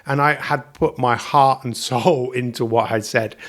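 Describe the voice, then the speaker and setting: Energetic upbeat man hosting a podcast. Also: medium pitch, a little slow. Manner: energetic, upbeat, repeats catchphrases. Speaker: podcast host and coach. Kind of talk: motivational solo podcast. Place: indoors at home, coffee in front of him.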